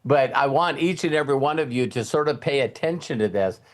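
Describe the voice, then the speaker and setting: A man's voice: mid-range voice, animated, brisk. A man hosting a casual group talk, rambling with many fillers. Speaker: host and coach.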